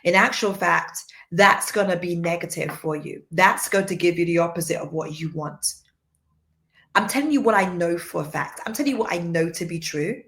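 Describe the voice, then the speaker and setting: A woman giving a livestream faith teaching, soft-spoken and earnest, repeating points for emphasis. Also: lowish voice, moderate pace. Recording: roomy echo.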